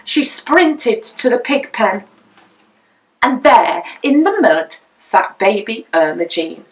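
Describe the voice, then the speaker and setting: Here a woman with a medium-pitched voice reads a picture book as a storyteller, taking her time. Her sing-song delivery is expressive, and she's positioned slightly away from the mic.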